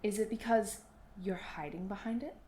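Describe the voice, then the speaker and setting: Young woman host, mid-pitched, chatty and earnest, recorded with a roomy echo. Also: moderate pace, dark tone, a little hiss or hum. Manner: chatty and earnest, acts out nervous quotes in a higher voice. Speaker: podcast host, oboist and performance coach. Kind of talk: solo podcast talk.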